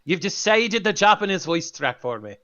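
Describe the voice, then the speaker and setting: A man co-hosting a casual chat about game trailers, animated and quick to laugh, with halting restarts. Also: high voice, muffled recording. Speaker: co-host.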